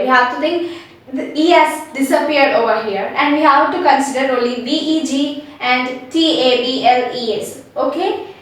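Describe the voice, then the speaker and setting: High-voiced woman teaching pronunciation, echoey. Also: fairly bright tone. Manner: repeats words slowly, often checks with "okay?". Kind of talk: spelled-out pronunciation lesson. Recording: very echoey room, mic far away.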